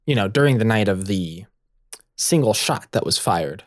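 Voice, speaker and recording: A man narrating a tabletop game as game master, lively and quick to laugh. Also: lowish voice.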